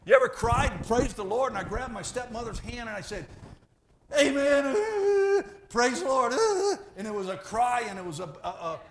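Animated male preacher with a raised voice. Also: high-pitched, fast talker, few pauses. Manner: animated, swinging from loud bursts to hushed tones. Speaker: pastor. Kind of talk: sermon.

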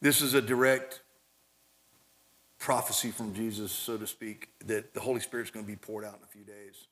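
A man preaching a sermon, animated and climbing toward near shouting at high points, with many repeated and restarted words. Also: normal speed. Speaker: pastor.

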